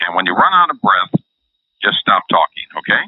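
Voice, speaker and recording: A man's voice: low voice, sing-song, fairly quick, dry recording. Man coaching over a phone-like line. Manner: explanatory, coaching. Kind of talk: instructional interview.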